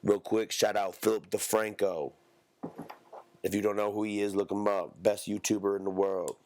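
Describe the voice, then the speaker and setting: A man's voice: lowish voice, level tone, moderate pace, a little mellow, a little hiss or hum. A man hosting a solo podcast, rambling in profane, slangy street talk. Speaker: podcast host. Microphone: close podcast mic.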